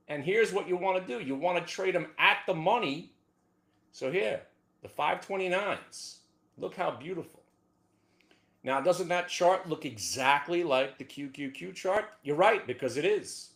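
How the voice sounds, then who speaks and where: Man, trading show host, animated, pitch leaping from mutter to shout. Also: a little slow. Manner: excitable, swings from low mutter to whooping shouts. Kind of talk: animated trading talk over charts.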